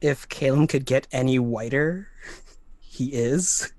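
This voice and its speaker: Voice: medium pitch, takes it slowly, a little mellow, no room sound. A player in a tabletop game, animatedly describing their character's reactions.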